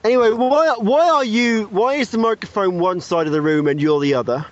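A man's voice: high voice, a little fast, muffled recording, faint music behind. A man co-hosting a casual podcast, teasing the others with cheeky jokes.

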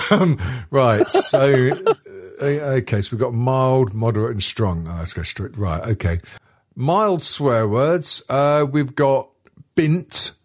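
A man's voice: medium pitch, lively intonation, slow. A man hosting a casual podcast, reading a list aloud with constant swearing and jokes. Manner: swears constantly, jokey, laughs often.

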